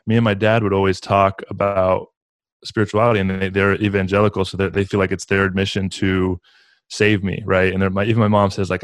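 A man speaks in a low, fairly flat voice, earnest and reflective, with plenty of "like" fillers. The recording is dry and close, with no room sound. He sounds like a podcast guest in a casual spiritual conversation. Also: fairly quick, smooth, no room sound.

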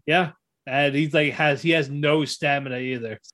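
A man's voice: on the high side, normal speed. A man co-hosting a podcast in casual chat, retelling scenes with lots of laughs and restarts. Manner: animated retelling, acts out characters' lines with laughs; many fillers and restarts. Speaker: podcast co-host.

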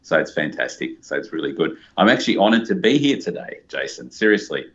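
A man's voice: low-pitched, sing-song, brisk, fairly bright tone, dull audio. A man with an Australian accent, chatting as an upbeat guest over a call. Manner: chatty, upbeat, uses slang. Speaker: guest photographer. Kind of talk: casual chat.

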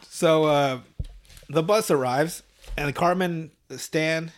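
Animated man recapping a cartoon up close. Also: a little high, very slow. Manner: animated storytelling, swears often, laughs a lot. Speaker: podcast host. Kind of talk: casual episode recap. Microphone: close mic, breathing into it.

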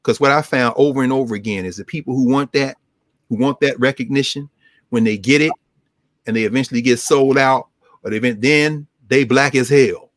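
A man's voice: medium pitch, brisk, dry recording, clean studio sound. A man speaking as a scholar and co-host in an impassioned, lecture-style talk, rhythmic and emphatic, often repeating his points. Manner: animated, rhythmic, emphatic repetition.

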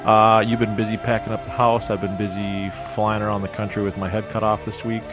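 A man's voice: on the low side, little pitch movement, fairly quick, music in the background. A man from Minnesota hosting a podcast in casual, jokey chat. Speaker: podcast host.

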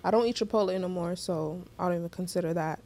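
A woman's voice: on the low side, fast talker. A young woman co-hosting a podcast, chatting casually and telling stories in a playful way with slang. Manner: lively, playful storyteller using casual slang. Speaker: podcast co-host. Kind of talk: casual chat.

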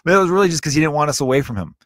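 Rapid-fire and expressive, a man in his thirties with a fairly high, slightly bright voice hosts a podcast. He rambles through profane stories in a casual monologue, often stopping mid-sentence, captured in clean studio sound with no echo.

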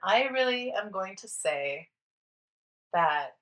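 A woman's voice: medium pitch, animated, slow pace, fairly bright tone, rough recording. A woman co-hosting a parenting podcast who once worked as a nanny, talking in a casual, emphatic way with frequent restarts. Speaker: podcast co-host, former nanny. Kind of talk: casual chat.

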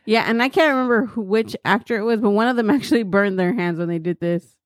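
A woman's voice: medium pitch, fast talker, dry recording, clean studio sound. A woman co-hosting a casual podcast, chatting and laughing while recapping a horror movie and adding trivia. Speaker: podcast co-host.

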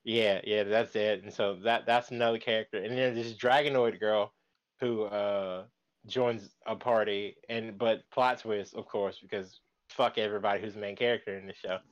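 A man's voice: fairly low pitch, fairly even intonation, normal speed, muffled recording. A man co-hosting a podcast in casual chat, talking in a slangy, profane way. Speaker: podcast co-host.

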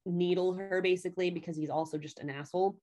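Lively, profane woman recapping a story. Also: fairly low pitch, fast talker. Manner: animated, profane retelling with quoted voices. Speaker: podcast co-host recapping a story. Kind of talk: casual chat.

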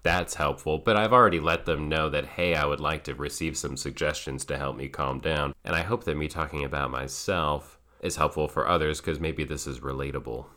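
A man who works as a child play therapist, speaking in a calm, measured, thoughtful way. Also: extremely low pitch. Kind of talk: reflective solo talk.

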